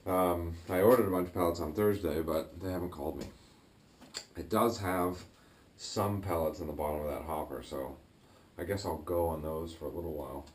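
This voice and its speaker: A man talking casually as he works on his home boiler, thinking aloud with fillers and throat clearing. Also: low-pitched, normal speed, slight background noise. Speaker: DIY builder vlogging his project. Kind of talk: casual talk-through while working. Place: garage boiler room, indoors. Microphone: action camera.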